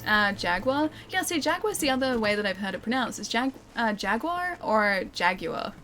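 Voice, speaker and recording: A woman's voice: on the high side, sing-song, moderate pace, slight background noise. A woman with an Australian accent streaming a game, chatting and laughing as she reads chat and calls out her moves. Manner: chatty and playful, laughs often. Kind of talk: live gameplay commentary, reading chat aloud. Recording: loud game music behind the voice. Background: loud game music.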